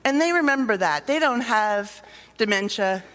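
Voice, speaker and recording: A middle-aged woman speaking to a conference audience, telling lively stories and acting out sighs and little scenes. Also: fairly high pitch, moderate pace. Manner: animated storyteller, acts out sighs and little scenes. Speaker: conference speaker on dementia care. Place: conference hall. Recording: long reverb of a hall.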